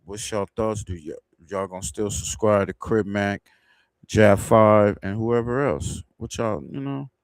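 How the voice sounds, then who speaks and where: A man with a fairly low voice hosts a livestream and rambles through casual commentary. He laughs at his own jokes now and then. The sound is dry and close, with no room around it. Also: fairly even intonation, measured pace, smooth, no echo. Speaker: livestream host.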